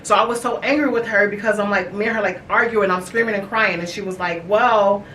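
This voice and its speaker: A woman in her thirties hosting a podcast, telling a personal family story in a candid, halting way with many fillers and restarts. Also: mid-range voice, steady tone, pushed and bright, distant mic. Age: 30s. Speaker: podcast host. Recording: echoey room, voice from off-mic, faint hiss.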